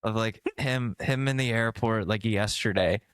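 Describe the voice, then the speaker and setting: A man's voice: on the low side, normal speed, a bit bright, clear, resonant tone, no echo. A man co-hosting a podcast in casual comedic chat, rambling and jokey, often launching into bits. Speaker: podcast co-host.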